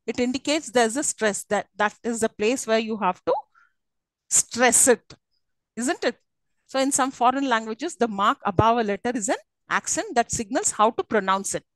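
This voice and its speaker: A woman's voice: on the high side, moderate pace, no echo, rough recording. A woman with an Indian English accent giving a live online university lecture, explaining at length with many fillers and restarts and often checking in with her class.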